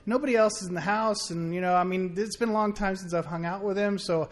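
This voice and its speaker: A man telling a rambling, animated personal story at a faith gathering, full of fillers and restarts. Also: high voice, fast talker. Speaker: friend sharing a story.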